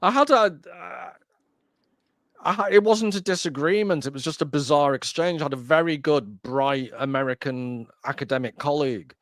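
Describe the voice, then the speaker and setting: A man's voice: fairly high pitch, normal speed, dry recording, clean studio sound. A man hosting a podcast, chatting casually in a wry, joking, rambling way. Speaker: podcast host. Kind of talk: casual conversation.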